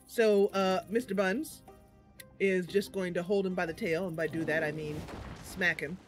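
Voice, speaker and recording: A woman's voice: lowish voice, steady tone, normal speed, soft background music. A woman streamer narrating a game roleplay in a giggly, rambling way.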